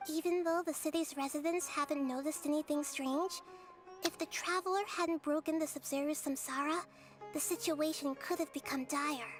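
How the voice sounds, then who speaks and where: A woman voicing a gentle, young-sounding goddess of wisdom in a video game, speaking softly and thoughtfully. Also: high voice, normal speed, close to an everyday voice. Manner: soft, calm, thoughtful. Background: game music.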